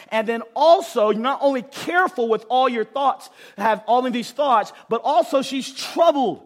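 Animated high-voiced male preacher. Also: fast, hardly any pauses. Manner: animated, swings from loud outbursts to hushed tones; laughs often, repeats words for emphasis. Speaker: pastor. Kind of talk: sermon.

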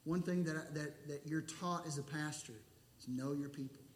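Male pastor, high voice, earnest emphatic sermon, reverberant room. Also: steady tone, moderate pace, a little hiss or hum. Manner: earnest, emphatic preaching with repeated rhetorical questions.

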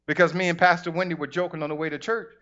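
High-voiced preacher man, conversational sermon. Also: rapid-fire, dull audio. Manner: animated, conversational preaching with acted asides. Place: church.

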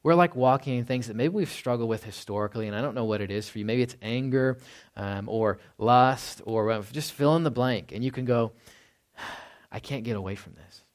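A man's voice: mid-range voice, a little fast. A man giving a casual, conversational sermon as a pastor. He chuckles often and ends many points with "right?". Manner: drops to a hushed voice when quoting.

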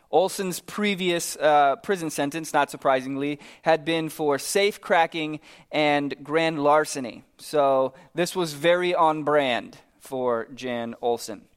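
A man's voice: fairly high pitch, clear, resonant tone. A man, a pastor, preaching a sermon and telling a story with hesitant fillers and light asides.

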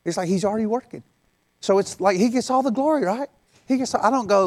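A man's voice: sits high, expressive, brisk. A middle-aged male pastor preaching a sermon in a conversational way, acting out quoted voices in passing.

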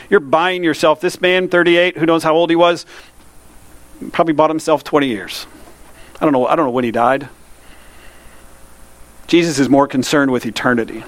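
A man preaching a sermon, reading scripture slowly and asking the listeners earnest, direct questions. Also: mid-range voice. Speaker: pastor.

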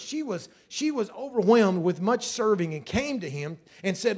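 A male pastor preaching a sermon with passion, dropping low and then rising loud. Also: moderate pace, hardly any pauses. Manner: impassioned, swings from soft to loud.

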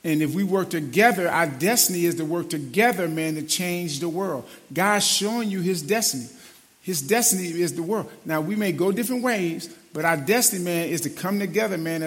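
A middle-aged man preaching a sermon in a loose, conversational way, often calling the listeners "man". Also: a little high. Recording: long hall reverb.

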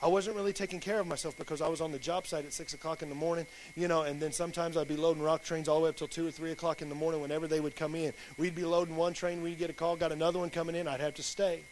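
A man's voice: on the high side, little pitch movement, racing, hardly any pauses, a little hiss or hum. A pastor, plain-spoken and folksy, giving a sermon with his personal testimony.

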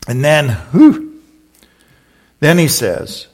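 A man preaching a sermon, retelling scripture in a lively storytelling way and acting out the voices. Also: mid-range voice, unhurried. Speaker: pastor.

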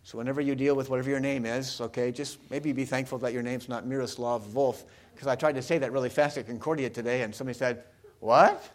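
A man's voice: medium pitch, fairly even intonation, quick pace, darkish tone. A man preaching a sermon, talking casually with the congregation and asking them questions. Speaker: pastor.

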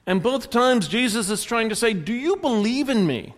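A man's voice: very high-pitched, lively intonation, normal speed, hardly any pauses. A man preaching a sermon as a pastor, retelling a story and acting out the characters' lines. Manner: storytelling, voicing the characters in quotes. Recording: long hall reverb.

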